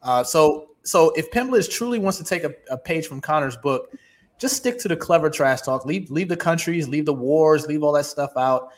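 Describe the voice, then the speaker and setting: A man's voice: a little high, lively intonation, moderate pace. A man on a sports talk panel, answering in an easygoing, conversational way. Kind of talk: casual sports chat.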